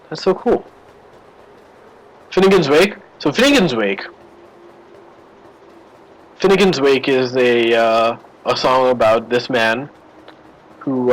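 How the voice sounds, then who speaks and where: A man's voice: mid-range voice, poor audio. A man streaming a game live, chatting and rambling through a story between moves. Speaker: gaming streamer. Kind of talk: live gameplay commentary.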